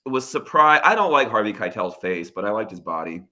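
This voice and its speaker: A man co-hosting a casual movie podcast, starting hesitantly with many fillers before giving animated opinions. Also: lowish voice, a little fast. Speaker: podcast co-host.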